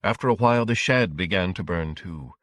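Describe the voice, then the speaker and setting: A man reading a horror audiobook in a measured, dramatic storytelling manner. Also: low-pitched, animated, a bit bright, dry recording, studio quality. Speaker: audiobook narrator. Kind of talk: scripted audiobook narration.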